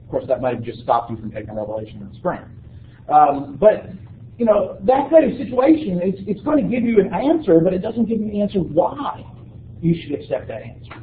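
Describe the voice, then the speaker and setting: Male lecturer, high-pitched, chatty classroom delivery, echoey room. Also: animated, a little fast, slight background noise. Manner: conversational, keeps checking in with "right?". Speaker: university lecturer. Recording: echoey room, tinny phone-like sound.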